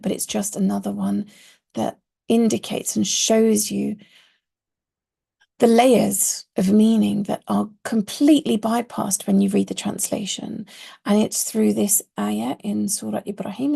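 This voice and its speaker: A woman's voice: mid-range voice, steady tone, gravelly, dark tone, slightly rough. A woman teaching a class on Quranic Arabic, explaining earnestly and leaning hard on key words. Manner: earnest, stresses key words with slow emphasis.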